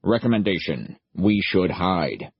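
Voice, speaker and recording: A man voicing a huge, calm male cyborg support unit who speaks in flat, clipped machine-like statements. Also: low-pitched, measured pace, vocal fry, husky, dry recording, muffled recording, full character voice.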